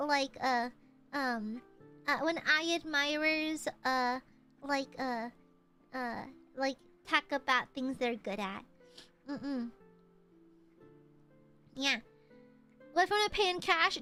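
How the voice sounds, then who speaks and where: A woman's voice: sits high, bright, forceful tone. A young woman streamer chatting casually and playfully with her viewers, often giggling and reading chat aloud.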